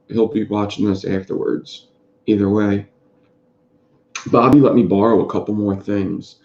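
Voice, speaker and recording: A man with a low, dark, gravelly voice rambles through a casual live stream and calls out chat viewers by name. The sound is dull and lo-fi, with a roomy echo behind him. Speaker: vape reviewer streaming live. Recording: dull lo-fi sound in an echoey room.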